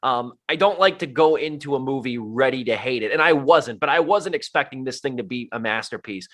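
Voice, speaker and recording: A man co-hosting a movie podcast, talking as a film critic in a casual, wry and animated way. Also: fairly high pitch. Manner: animated, wry, self-deprecating asides. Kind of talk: casual movie review chat.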